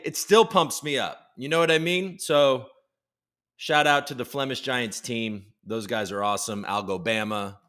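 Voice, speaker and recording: A tired man in his thirties hosts a live podcast stream, his medium-pitched voice fairly bright. He chats loosely and rambles, reading viewer comments aloud as casual live-stream talk.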